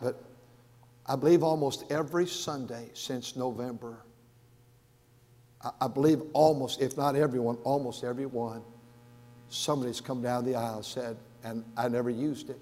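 An earnest pastor preaches a sermon to his congregation, his voice at a medium pitch. He stumbles, repeating and restarting words, and swings from loud, raised passages down to a hush. The recording carries the long reverb of a large church sanctuary.

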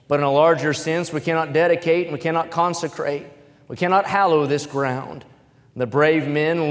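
A man preaching a sermon, switching between plain testimony and loud, emphatic scripture reading. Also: a little high, in a large hall.

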